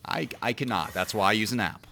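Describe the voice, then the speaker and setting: A man's voice: on the low side, a little fast, gravelly, bright, forceful tone, a little hiss or hum. A man co-hosting a podcast in casual chat, rambling and self-deprecating, often restarting his sentences. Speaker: podcast co-host.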